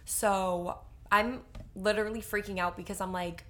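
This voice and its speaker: A woman co-hosts a podcast and tells a story in a chatty, animated way. She fills her sentences with casual fillers and keeps the flow easy. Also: medium pitch, moderate pace. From Boston area. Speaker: podcast co-host. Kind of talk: casual chat.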